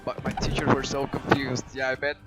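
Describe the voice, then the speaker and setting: A man with a heavy Spanish accent chats casually while he streams a game, and he thinks aloud with restarts along the way. His voice sits at an average pitch. Game music plays clearly behind him. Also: monotone, fairly quick, rough recording. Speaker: gaming streamer. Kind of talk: casual gameplay chat.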